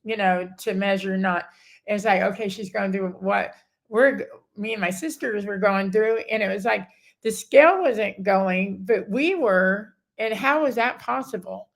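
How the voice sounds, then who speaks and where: A woman's voice: medium pitch, unhurried, vocal fry. A middle-aged woman telling her personal story in a casual chat, rambling and often breaking off mid-sentence. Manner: rambling, self-interrupting, acts out others' words. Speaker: guest.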